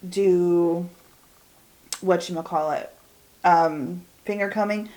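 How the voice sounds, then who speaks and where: A woman's voice: fairly low pitch, fairly even intonation, mellow. Chatty, candid woman in her forties. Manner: candid, chatty, drawn-out and trailing off. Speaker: beauty vlogger. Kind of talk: chatty get-ready-with-me monologue. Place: at home doing her makeup and hair.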